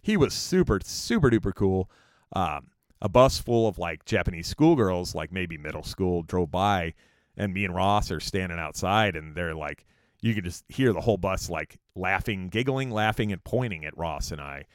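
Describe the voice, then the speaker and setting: A man's voice: sits low, expressive, moderate pace, no room sound, studio quality. Profane rambling man telling tour stories. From California. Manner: rambling, profane, many fillers. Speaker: musician recounting a tour. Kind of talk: casual storytelling monologue.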